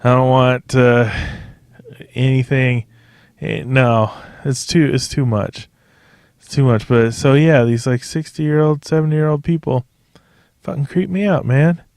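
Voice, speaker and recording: A man talks alone into his podcast mic and wanders from one tangent to the next. He swears freely and keeps laughing at himself. His voice sits at a middle pitch and the sound is dry. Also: unhurried, a little mellow, clear, resonant tone, no room sound. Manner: profane, digressive, laughs often. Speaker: podcast host. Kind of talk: rambling solo podcast monologue.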